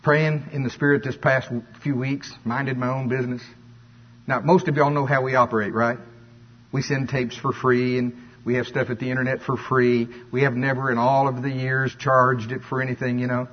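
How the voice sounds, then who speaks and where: A man preaching a conversational sermon, telling stories in a folksy, animated way. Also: medium pitch, moderate pace. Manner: folksy, animated storytelling with voiced asides. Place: church. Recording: dull lo-fi church recording.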